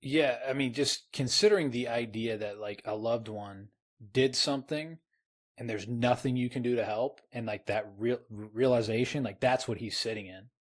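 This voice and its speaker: A man with a husky, slightly rough voice talks eagerly about a favourite novel on a podcast. He restarts his words a lot and tosses in casual asides. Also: medium pitch, moderate pace. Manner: enthusiastic, repeats words, says "man". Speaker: podcast co-host. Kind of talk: casual book discussion.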